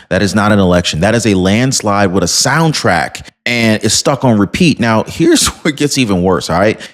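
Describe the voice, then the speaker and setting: A man hosting a casual political commentary, talking straight to his viewers in an animated, sarcastic way. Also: on the low side.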